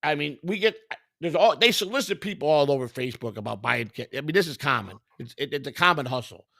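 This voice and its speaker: A man with a gravelly voice and a fairly high pitch, telling a profane story on a podcast. His delivery is loud and animated. The recording is close and dry. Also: fast, no echo. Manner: profane, animated, acts out other people's voices in quotes. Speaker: podcast host. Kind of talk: crude comedic storytelling.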